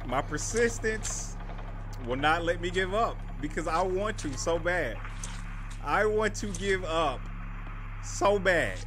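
A young adult man casually commenting on his own gameplay, slangy and animated, jumping from loud outbursts to hushed muttering and repeating short phrases under stress. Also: high voice, slow pace, background noise. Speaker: gaming channel host.

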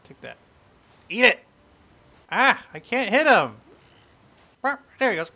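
A man chats his way through a video game, excitable and jokey. His voice is bright and sharp, with a lively, swooping pitch. This is casual let's-play commentary. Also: takes it slowly. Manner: playful, excitable, jokey with a child. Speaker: gameplay host.

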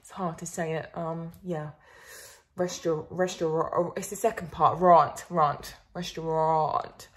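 A woman's voice: low voice, steady tone, moderate pace, hardly any pauses. A young woman from Finland with a Finnish accent, chatting casually in a vlog, swearing freely and laughing often. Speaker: vlogger.

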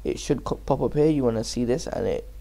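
A man's voice: medium pitch, fairly quick, gravelly, mellow. A young man casually talking through a game tutorial and playing on camera, chatty and slangy. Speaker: gaming YouTuber. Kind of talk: tutorial and gameplay commentary. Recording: echoey room with background noise.

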